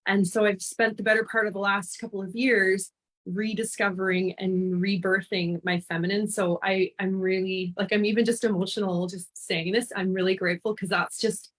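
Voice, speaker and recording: A woman from Canada talks as a podcast guest, speaking in an earnest, heartfelt way. Her voice sits at a middle height for a woman, neither high nor low. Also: a bit bright. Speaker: guest, intuitive life and business mentor. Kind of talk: podcast interview.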